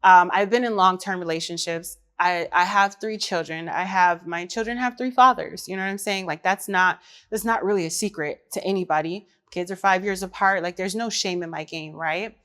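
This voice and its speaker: A woman's voice: on the low side, moderate pace, fairly bright tone. A woman, chatting candidly and directly to her viewers. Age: 30s. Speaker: vlogger. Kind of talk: casual chat to camera.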